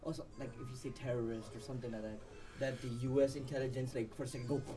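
A man's voice: mid-range voice, steady tone, very fast, warm tone, faint music behind. A man in a casual podcast chat, meandering through crude tangents with stumbling starts.

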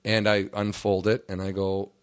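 A man on a comedy podcast telling a profane, animated anecdote in casual chat. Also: lowish voice, moderate pace, clear, resonant tone, no echo, clean studio sound. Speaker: comedy podcast co-host or guest.

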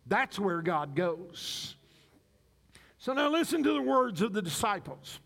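A man preaching a sermon as pastor, with dramatic pauses and acted-out cries. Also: high-pitched, sing-song, gravelly, fairly bright tone.

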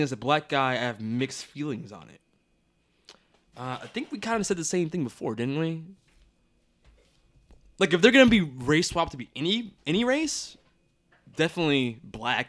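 A young man co-hosting a podcast in casual chat, effusive and quick to laugh, with lots of filler words. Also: mid-range voice, animated, a bit bright. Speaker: podcast co-host.

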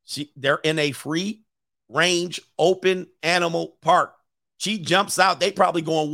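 Guy hosting a reaction stream, gravelly, kinda high voice, blunt and animated. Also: unhurried, dry recording, studio quality. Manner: blunt, animated storytelling with put-on quotes and laughs. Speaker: host. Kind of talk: casual reaction stream commentary.

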